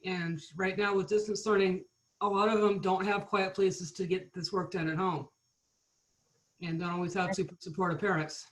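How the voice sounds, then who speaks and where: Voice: medium pitch, flat delivery, moderate pace, a little hiss or hum, low-quality recording. A math teacher explaining, with feeling, in a casual panel discussion on a video call.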